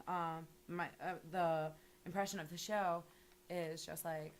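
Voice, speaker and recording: A woman's voice: lowish voice, fairly bright tone, slight background noise. A young woman talking casually and animatedly, rambling with lots of filler words and swearing. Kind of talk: casual interview monologue.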